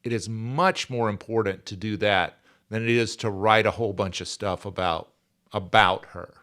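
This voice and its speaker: A man's voice: fairly low pitch, moderate pace, fairly bright tone. A man in his sixties, speaking as a podcast guest in an earnest, emphatic way and repeating his key phrases. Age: 60s. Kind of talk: conversational interview.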